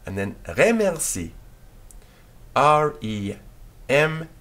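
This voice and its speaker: A man teaching a beginners' French lesson, dictating slowly and patiently and spelling words out letter by letter. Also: fairly high pitch, very animated, fairly bright tone.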